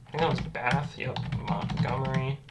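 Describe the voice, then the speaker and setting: A woman quietly reciting place names from memory, correcting herself now and then and making wry asides. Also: very deep voice, level tone, moderate pace, very noisy. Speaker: geography video creator. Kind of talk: muttering recall while typing. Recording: loud keyboard clatter close to mic. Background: loud keyboard typing.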